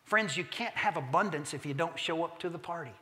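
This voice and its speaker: A male pastor delivers a sermon in a church sanctuary, telling stories emphatically and slowing down to land his key points, with the odd humorous aside. His voice is bright and forceful, sitting a little higher than most men's. A long reverb trails every phrase around the room. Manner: emphatic storytelling preacher who slows for key points.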